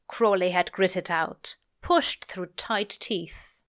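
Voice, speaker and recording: A woman reading fiction aloud in a measured, lyrical way. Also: on the low side, a bit bright. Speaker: reader. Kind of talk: audiobook-style fiction reading.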